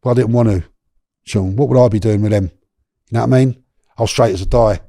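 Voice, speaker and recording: Middle-aged guest, gravelly, dark tone, animated storyteller with slang and restarts, dry close sound. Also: male voice, on the low side, fast talker, dry recording. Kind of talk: storytelling in a podcast interview.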